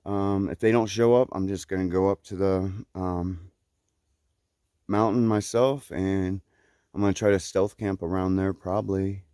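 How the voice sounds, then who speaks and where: A man's voice: low-pitched, steady tone, measured pace, warm tone, clean tone, no echo, studio quality. A man talking casually to viewers while hiking outdoors on a mountain, chatty with many ums, at times out of breath. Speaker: trail vlogger.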